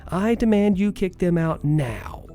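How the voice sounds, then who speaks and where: A man's voice: sits high, lively intonation, a little slow, mellow, soft background music, pitched above the performer's own voice. A man doing a screechy, scornful rude woman. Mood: shrill, scornful. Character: rude entitled middle-aged woman, shrill and hostile.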